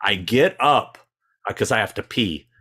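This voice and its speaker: A man co-hosting a casual live chat, telling stories in an animated way and laughing easily. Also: on the low side, unhurried, breathy edge. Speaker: co-host.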